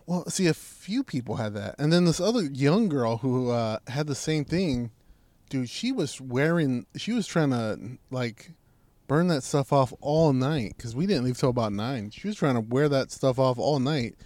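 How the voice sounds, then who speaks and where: A man's voice: medium pitch, expressive, moderate pace, darkish tone, no echo. A man telling a laid-back, profanity-laced story in casual podcast chat, quoting the people he talks about. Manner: laid-back, swearing, quoting others in his stories. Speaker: podcast co-host.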